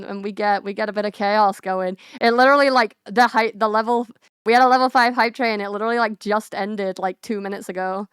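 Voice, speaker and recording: A woman's voice: mid-range voice, normal speed, smooth, dry recording, clean studio sound. A young woman VTuber streamer chatting casually and bubbly with her viewers, giggling often. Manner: bubbly, giggly, talks straight to chat. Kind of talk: casual live-stream chat.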